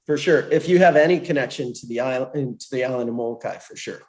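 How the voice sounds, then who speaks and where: A man chatting casually on a reunion panel, relaxed, with his voice trailing off quietly at times. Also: medium pitch, fast. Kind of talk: casual chat.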